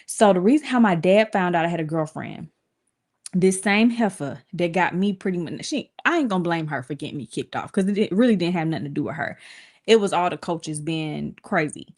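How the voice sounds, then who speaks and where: A young woman tells viewers a story in a loose, casual stream, her lowish voice moving briskly. She's animated, acting out the voices of people she quotes, cursing included.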